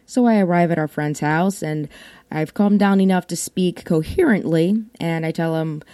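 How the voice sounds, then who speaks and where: A woman's voice: sits low, moderate pace, mellow, smooth, no room sound. A woman hosting a podcast, telling personal stories in a casual, wry and irreverent way, swearing freely. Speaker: podcast host. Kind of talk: casual storytelling monologue.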